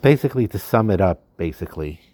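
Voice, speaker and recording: Deep-voiced man giving marriage advice. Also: animated, fast, dark tone, no echo. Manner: hesitant, many fillers and restarts. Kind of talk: casual advice talk.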